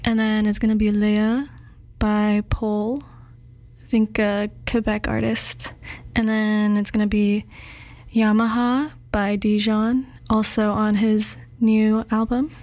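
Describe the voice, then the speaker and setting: A woman's voice: mid-range voice, flat delivery, slow pace, darkish tone, no room sound. A young woman hosting a campus music radio show, chatting loosely with lots of fillers from a studio. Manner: rambling, loose, with many fillers. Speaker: radio host. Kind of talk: casual music radio chat.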